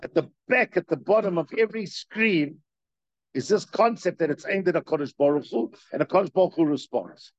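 A man's voice: on the high side, a little fast, no room sound, highs cut off. A man teaching a Torah class, reading a text and explaining it with strong emphasis and repetition. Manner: reads Hebrew text, then explains in English with rising emphasis; animated, repeats points for emphasis.

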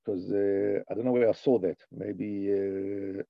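Gravelly man teaching a text. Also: fairly low pitch, measured pace, no room sound. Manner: animated, sing-song rises on the read passages. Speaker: Torah teacher. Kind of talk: lecture reading a text and translating. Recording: dull, dry lo-fi recording.

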